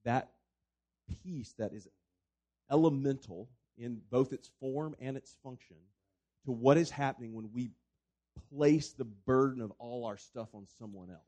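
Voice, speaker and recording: A man's voice: mid-range voice, a little slow, warm tone, dull audio. A man who is a pastor, talking through a Bible passage in a reflective, storytelling way during a conversation. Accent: non-local accent.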